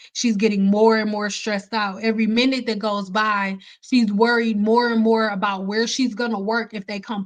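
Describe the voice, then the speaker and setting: A woman hair stylist hosting a livestream, telling candid stories in a casual, emphatic way. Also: medium pitch. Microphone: computer mic on a livestream.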